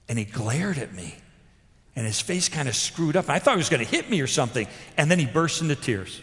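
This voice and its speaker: A male pastor delivers a sermon with a lively, wide-ranging voice that sits a little high for a man. He moves from loud emphasis to soft, intense moments, and a long reverb from a large hall trails each phrase. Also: fast. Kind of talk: sermon with storytelling.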